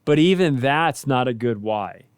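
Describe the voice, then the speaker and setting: A man with a smooth, clear voice in a middle register, a pastor co-hosting a faith talk show. He talks reflectively and conversationally, as if chatting with listeners. The recording is dry and close. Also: mid-range voice, expressive, a little slow, no echo. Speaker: pastor, co-host.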